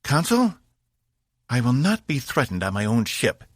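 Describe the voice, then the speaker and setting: Man voicing female starship captain, firm and clipped, raised pitch, dry studio. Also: sing-song, measured pace, no echo. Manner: firm, authoritative, clipped orders.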